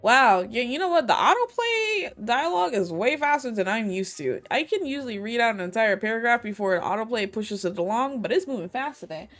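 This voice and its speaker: A woman streaming a video game, chatting casually and reading the characters' dialogue aloud with quick asides. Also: fairly high pitch, big pitch swings, fairly bright tone, faint music behind. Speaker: gaming streamer. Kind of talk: casual let's-play commentary.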